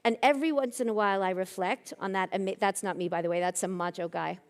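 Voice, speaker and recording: A woman's voice: mid-range voice, steady tone, fast talker. A woman giving a conference talk, telling anecdotes with self-deprecating humor. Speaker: keynote speaker. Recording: long reverb of a hall.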